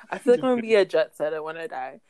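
A woman's voice: sits low, expressive, brisk, mellow, no echo. A young woman chatting casually, giggling and rambling. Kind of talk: casual chat.

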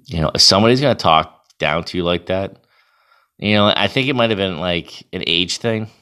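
Ranting to the camera with profanity and plenty of fillers, a young Massachusetts beer-league hockey goalie speaks in a low voice at a moderate pace. His tone is bright, forceful and clean.

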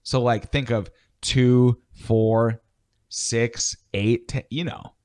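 A man's voice: medium pitch, steady tone, extremely slow, a little mellow. A man co-hosting a casual podcast, telling a story in a wry, self-mocking way. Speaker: podcast co-host.

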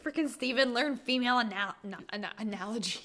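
A woman co-hosting a podcast in casual chat, teasing her partner and asking quick questions. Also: a little high, a crowd in the background. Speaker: podcast co-host.

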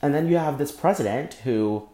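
A young man hosting a solo podcast, speaking angrily and with deep emotion, often breaking off and repeating himself. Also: expressive, moderate pace, warm tone, reverberant. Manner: angry, emotional, repeats and restarts. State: emotionally shaken. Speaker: podcast host. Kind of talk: impassioned solo podcast monologue.

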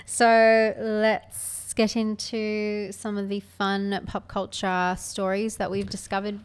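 A woman's voice: medium pitch, monotone, slow pace, smooth. A woman co-hosting a podcast, chatting casually and gossiping about reality TV, laughing often. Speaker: podcast co-host. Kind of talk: casual chat.

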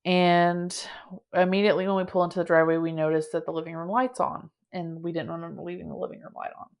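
A young woman with a low voice hosts a podcast and tells a story. She is casual and dramatic, and she fills her speech with "like.". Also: fast, creaky. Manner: dramatic, animated telling with many filler "like"s. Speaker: podcast host.

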